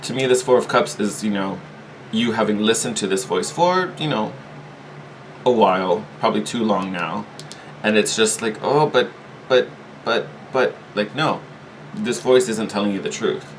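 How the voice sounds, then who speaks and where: Chatty lower-voiced male tarot reader. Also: normal speed, a little hiss or hum, poor audio. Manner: chatty, animated, laughs easily, repeats words. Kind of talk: casual spoken tarot reading.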